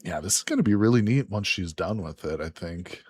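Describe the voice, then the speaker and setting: A relaxed man streaming a survival game, chatting to his viewers with easy jokes and a slightly husky, lowish voice. He talks in a loose, unhurried way. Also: no room sound. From Illinois, USA. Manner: laid-back, joking asides. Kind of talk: casual live-stream commentary.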